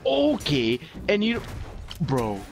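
A man's voice: fairly high pitch, wildly swooping pitch, slow, creaky. A man trash-talking his friends with heat during a video game. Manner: heated trash talk. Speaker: gamer. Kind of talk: casual gaming chat.

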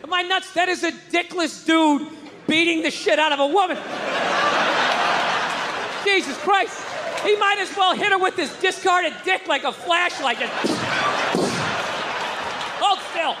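A middle-aged man doing a stand-up comedy rant, loud and profane, yelling his punchlines. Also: extremely high pitch, unhurried, pauses often, long reverb tail, over a noisy crowd, very noisy.

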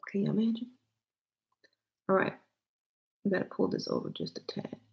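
Chatty Southern woman with a gravelly edge. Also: medium pitch, big pitch swings, normal speed, poor audio. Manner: chatty, playful, often drops to a murmur. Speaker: beauty vlogger. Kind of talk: casual makeup tutorial chat.

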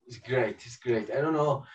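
A man giving a spiritual talk with prayer, halting and searching for words in a second language, chuckling often between thoughts. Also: medium pitch. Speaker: spiritual teacher. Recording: dull, distant lo-fi call audio.

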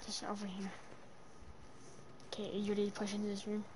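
A young woman streaming a game, chatting casually, swearing and yelling in panic between low mutters. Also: monotone, fairly quick, background noise. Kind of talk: casual gameplay chat.

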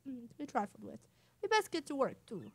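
A woman's voice: high-pitched, very animated, brisk, vocal fry, husky, pitched above the performer's own voice, heavily acted. A woman voicing a hearty old-fashioned male sailor with a put-on British accent.

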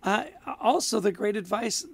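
A man's voice: high voice, normal speed, gravelly, a bit bright, breathy edge, no room sound. A man co-hosting a podcast, chatting casually and enthusiastically with his co-host.

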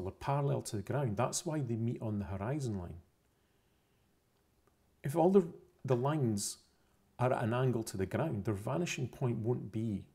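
Talking through a science topic over pictures without a script, a man is methodical and repetitive and frequently corrects himself partway through phrases. He has a medium-pitched, mellow, husky voice with vocal fry.

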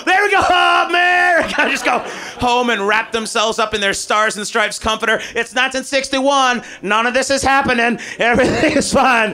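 A man doing stand-up, his voice high and sharp, firing off jokes at a fast clip. He swears freely and shouts his punchlines. A faint room hum sits behind him. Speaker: stand-up comedian. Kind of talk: stand-up comedy set. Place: comedy stage before a live audience.

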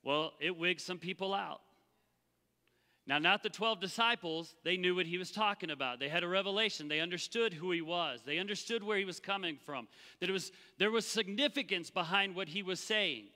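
Man, pastor, animated preaching, bright tone, long reverb. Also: high voice, fairly quick. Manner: animated, acts out the Bible voices. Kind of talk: sermon. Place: church sanctuary.

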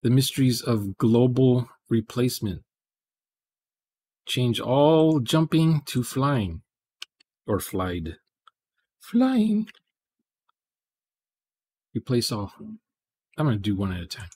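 Male streamer, chatty and rambling, muttering over his code, mid pitch, dry close sound. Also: expressive, slow, long pauses, dark tone, husky, dry recording. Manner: rambling, muttering asides while coding. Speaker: programming livestream host. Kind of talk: casual rambling livestream chat.

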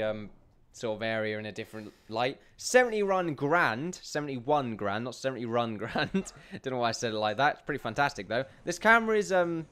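A man giving rambling gameplay commentary, chatty and self-amused, who often laughs and calls his viewers ladies and gentlemen. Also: mid-range voice, slight background noise. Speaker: let's play commentator.

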